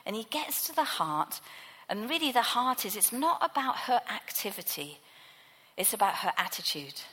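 A woman's voice: mid-range voice, big pitch swings, normal speed, fairly bright tone, husky, long reverb tail, rough recording. A woman preacher giving a sermon, teaching from the Bible in a conversational way.

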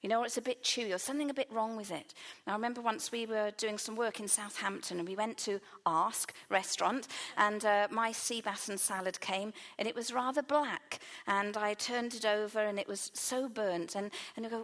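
A woman's voice: fairly high pitch, brisk. A woman with a British accent preaching a sermon, telling everyday stories and stressing key words with repetition. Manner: storytelling, warm anecdotes, emphatic repetition.

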